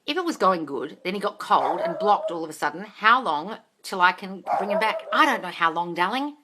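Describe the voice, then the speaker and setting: A woman in her forties answering viewers' questions on a phone livestream at home, blunt and exasperated, swearing and often shouting. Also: lowish voice, big pitch swings, brisk, background noise. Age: 40s. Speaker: manifesting coach answering live questions.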